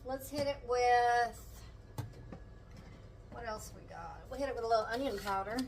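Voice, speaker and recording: An older woman talks to her viewers from her home kitchen while cooking. Her voice sits a little high, and she chats easily, tender and quick to get emotional. A faint household hum lingers behind her. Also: poor audio. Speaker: vlogger. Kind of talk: casual vlog chat while cooking.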